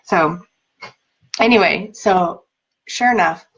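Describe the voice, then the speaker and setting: A woman's voice: fairly low pitch, takes it slowly, slightly rough, dull audio. A woman life coach telling personal stories in a casual teaching talk, chatty and full of "like" and "um", laughing lightly now and then.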